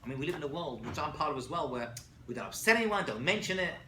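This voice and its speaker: A man teaching a lively class as a rabbi, telling stories with acted-out quotes and checking in with frequent asides. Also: on the high side, quick pace. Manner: animated storytelling with acted quotes, many "right?" asides. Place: college classroom. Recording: echoey room, faint noise.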